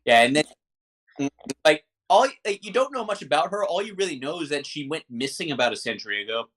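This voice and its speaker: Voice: mid-range voice, big pitch swings, a little fast, fairly bright tone. Hesitant tabletop game master. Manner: hesitant, many restarts.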